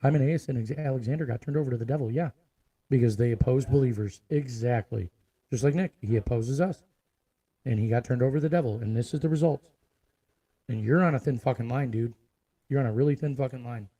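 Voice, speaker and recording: Man ranting on camera, swears freely, hammers points through repetition, dark tone. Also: medium pitch, quick pace, slightly rough, poor audio. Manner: profane, forceful, repeats himself for emphasis. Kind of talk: ranting video monologue.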